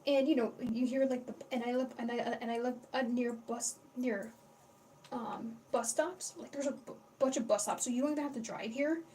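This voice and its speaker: A woman's voice: fairly high pitch, steady tone, moderate pace, warm tone. A young woman hosting a casual livestream, rambling and chatty, swearing freely and greeting her chat as she talks. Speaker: livestream host. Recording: distant mic with faint background noise.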